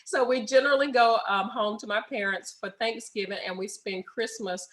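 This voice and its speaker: Guest: woman, middle-aged, bright-pitched, animated, laughs easily. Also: normal speed, low-quality recording. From United States. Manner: animated storyteller, laughs often. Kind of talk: casual interview chat.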